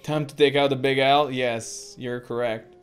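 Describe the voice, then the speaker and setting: A woman's voice: very deep voice, steady tone, measured pace, clear, resonant tone, faint music behind. A woman giving let's play commentary as a gameplay streamer, swearing constantly and ranting at the game.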